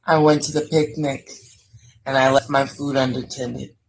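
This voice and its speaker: A woman's voice: extremely low pitch, little pitch movement, normal speed, slight background noise, rough recording. A woman co-hosting a live chat show, running a word game in a dry, unimpressed way. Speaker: podcast co-host.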